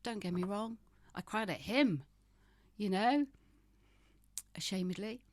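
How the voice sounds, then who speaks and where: A woman's voice: medium pitch, measured pace, no echo. A woman in her fifties, a guest in an interview, speaking frankly and emphatically with wry humor. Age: 50s. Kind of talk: candid interview conversation.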